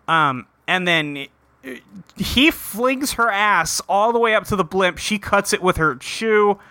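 A man's voice: high voice, lively intonation, unhurried, pushed and bright, dry recording. A man on a podcast recapping a cartoon episode in casual chat, rambling with many ums and acting out the characters' lines.

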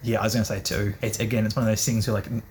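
A man's voice: lowish voice, little pitch movement, very fast, a little hiss or hum. A man co-hosting a podcast, chatting casually and bluntly about a book, with jokes and swearing. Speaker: podcast co-host. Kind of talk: casual chat.

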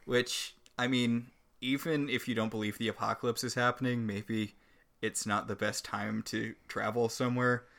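A man's voice: mid-range voice, fairly even intonation, moderate pace, vocal fry, a bit bright. A man co-hosting a casual TV recap podcast, ranting and sarcastic about the episode. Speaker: podcast co-host.

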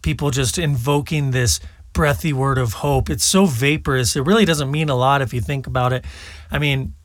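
A man's voice: medium pitch, moderate pace, dry recording. A man hosting a political commentary show, talking casually and scornfully between played clips. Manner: scornful, mocking.

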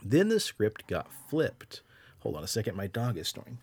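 A man's voice: fairly low pitch, wildly swooping pitch, moderate pace, a little mellow, husky, no echo. A man co-hosting a podcast, reading out chat messages and telling stories with a laugh. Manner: laughing, storytelling, reads chat. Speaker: podcast co-host. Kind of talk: casual podcast storytelling.

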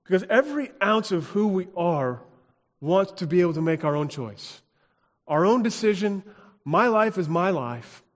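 Male pastor from the US, fairly high voice, sermon in a church with long echo, emphatic delivery. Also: very animated, normal speed. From United States. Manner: emphatic, building to loud exclamations. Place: church sanctuary. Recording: long reverb of a church hall.

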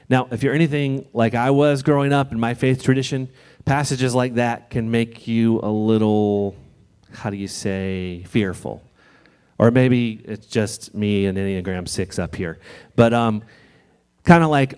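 A man preaching in church in a conversational, gently reassuring way, sometimes reading scripture aloud. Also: medium pitch, expressive, a little slow. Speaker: pastor. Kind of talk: sermon.

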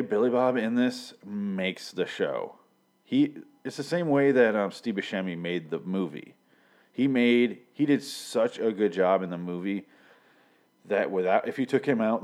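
Deep-voiced man rambling through a TV recap. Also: darkish tone. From Michigan. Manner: rambling, profane, many fillers, quoting scenes. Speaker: TV episode reviewer. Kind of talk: casual recap and commentary.

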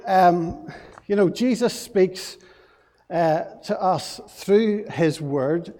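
Male pastor, children's talk, animated storyteller, high voice, long church reverb. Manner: animated storytelling, lively pauses and restarts.

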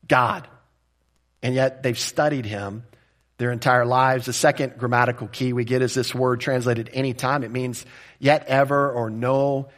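A male pastor preaching an expository sermon at an average pitch. He talks in a conversational, direct way. He often checks in with the listeners.

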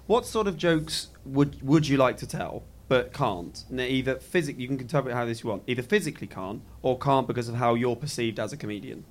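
A man's voice: medium pitch, fairly quick, hardly any pauses. A man co-hosting a live interview, asking rambling questions and correcting himself as he goes. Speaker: podcast co-host. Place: live venue at a comedy festival.

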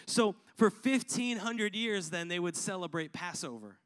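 A man's voice: high-pitched, animated, moderate pace, fairly bright tone, clear, resonant tone. A man preaching a sermon to his congregation, using repetition and call-and-response. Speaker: pastor.

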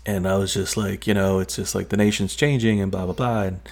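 A man with a lowish voice tells a long story in a loose, rambling way. He leans on fillers and trails off between phrases, chatting casually. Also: steady tone, a little fast, a little mellow. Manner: rambling, heavy on "like" and "um". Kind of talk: casual chat, recounting a dream.

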